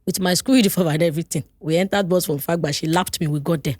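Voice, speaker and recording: Lively Nigerian woman telling a story. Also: fairly low pitch, fast talker, no room sound, clean studio sound. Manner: animated, jumps into voices of people in her story. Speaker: podcast guest. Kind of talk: casual storytelling. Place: podcast studio.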